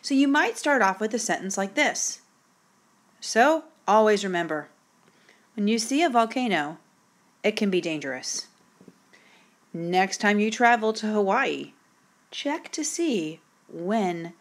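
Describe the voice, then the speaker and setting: A woman teacher recording a video lesson, with upbeat, encouraging and direct instructions. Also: medium pitch.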